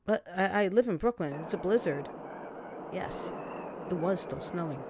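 A woman's voice: on the low side, expressive, normal speed, pauses often, breathy edge. A woman telling a personal story on the radio in a wry, dramatic way, acting out bits of dialogue. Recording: loud vehicle noise behind.

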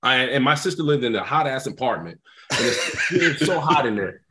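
A man, a former football player and guest, telling a story in a casual, animated way, swearing freely. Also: mid-range voice, normal speed, slight background noise.

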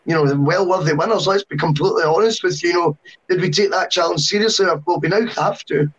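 Chatty high-voiced man. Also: fast talker, breathy edge, low-quality recording. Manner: chatty, long-winded with asides. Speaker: podcast co-host. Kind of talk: casual football podcast chat.

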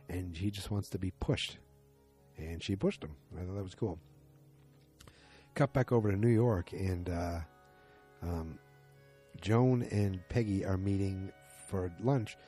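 Deep, mellow-voiced man recapping casually. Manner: loose, rambling retelling with many fillers and quoted lines. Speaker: TV episode recapper.

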